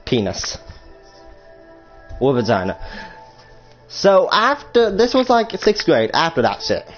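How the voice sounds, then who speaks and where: A teenage boy tells a story for his vlog at home, talking slowly in a fairly high voice. He rambles, swears freely and keeps correcting himself along the way. The audio is a little muffled, with faint music underneath. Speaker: storytime vlogger. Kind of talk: casual storytelling.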